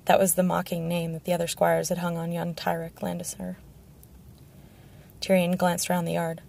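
Gravelly woman narrating an audiobook. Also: on the low side, completely flat delivery, normal speed, darkish tone. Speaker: audiobook reader.

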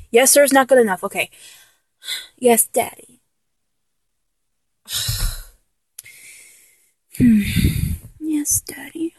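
High-voiced woman in a pleading role-play. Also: dry recording. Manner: teasing at first, then pleading and tearful. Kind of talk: audio role-play monologue.

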